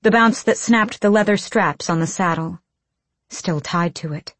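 A woman's voice: lowish voice, a little slow, no echo. A woman reading an audiobook in tense, clipped bursts of phrasing. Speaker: audiobook narrator. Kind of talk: scripted audiobook narration.

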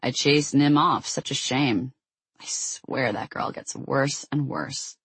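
A sardonic teenage boy with a theatrical drawl, put on by an audiobook narrator. The voice is slightly husky and dry, with no room around it. Every line lands with world-weary mock drama. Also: mid-range voice, fairly even intonation, slow, a bit bright, dry recording, heavily acted. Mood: wry.

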